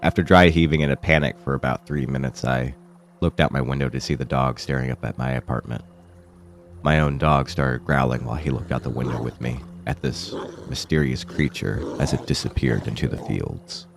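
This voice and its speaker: A man with an extremely deep voice, roughened by sickness, narrates a first-person horror story in a low, somber tone. Faint music plays quietly behind him. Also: fairly quick. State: sick, rough voice. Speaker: horror channel host.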